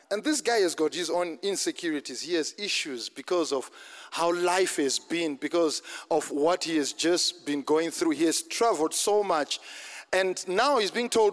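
A man's voice: a little high, in a large hall. A man preaching a sermon, telling a personal story and then urging his congregation on with rising fervour. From London. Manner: storytelling, building to fervent exhortation. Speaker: pastor.

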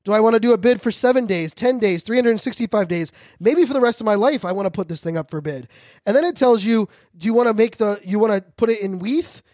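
A man hosting a podcast, talking fast and joking in a high-energy casual monologue. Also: a little mellow, no echo, clean studio sound. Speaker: podcast host.

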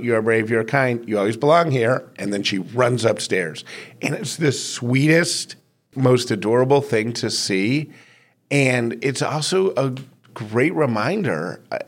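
A man recording a heartfelt personal message with parenting advice, speaking earnestly and with emotion. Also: mid-range voice. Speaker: guest giving parenting advice.

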